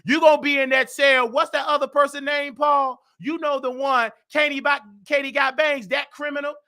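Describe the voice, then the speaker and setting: Loud gossip host guy, high bright voice, aave, fast trash talk, keeps yelling. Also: flat delivery. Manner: brash, rapid, trash-talking, shouts often.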